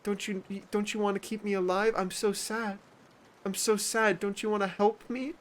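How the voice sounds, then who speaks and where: A man's voice: sits high, little pitch movement, moderate pace, pitched above the performer's own voice, close to an everyday voice. A man putting on the voice of a melodramatic, self-pitying attention seeker who mopes and pleads. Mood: pleading.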